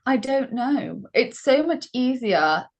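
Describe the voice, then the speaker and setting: A woman's voice: sits high, lively intonation, slow. A young adult woman with a British accent, a podcast guest chatting in a modest, earnest way. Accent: British English. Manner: modest, self-deprecating, earnest. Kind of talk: casual interview chat.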